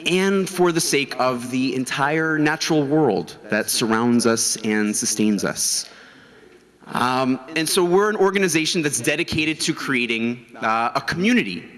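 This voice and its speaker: A middle-aged man welcomes an audience in a large lecture hall, his talk loose and full of ums and restarts. His voice sits at an ordinary pitch, and a long reverb trails each phrase. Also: fairly bright tone. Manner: informal, with many fillers and restarts. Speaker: university humanist chaplain. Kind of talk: welcoming speech at an award event.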